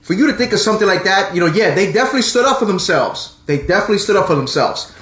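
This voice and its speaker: A man hosting a casual live-stream chat, animated and quick to talk over his co-host. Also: high-pitched, reverberant. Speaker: podcast host.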